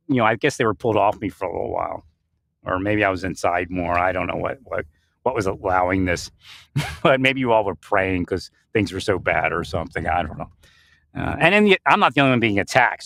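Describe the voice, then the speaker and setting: A man's voice: fairly low pitch, fairly bright tone, no room sound. A man giving a rambling spiritual monologue, often breaking into laughter and restarting his sentences. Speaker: spiritual speaker.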